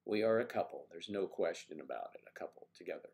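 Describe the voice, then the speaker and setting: An older man hosting a casual live stream and chatting through viewer comments. He talks in a halting way and often clears his throat. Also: sits low, lively intonation, darkish tone.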